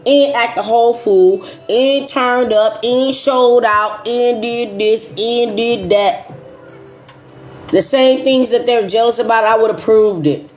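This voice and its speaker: A middle-aged woman talks straight to her listeners, emphatic and repetitive, often sinking into low, quiet asides. Her voice sits at an ordinary pitch for a woman, and faint music plays under her. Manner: emphatic, repeating phrases, dropping to low asides. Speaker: host. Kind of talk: casual chat.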